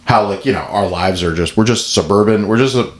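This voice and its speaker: A man's voice: on the low side, a little fast. A man co-hosting a movie podcast in casual chat, joking around and trying out silly voices. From United States. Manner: jokey, tries silly voices. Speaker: podcast co-host.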